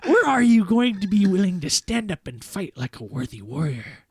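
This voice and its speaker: A man voicing a very old, blind male palm reader who delivers slow, stern pronouncements. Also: sits high, big pitch swings, husky, no room sound, pitched above the performer's own voice, exaggerated voice. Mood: harsh.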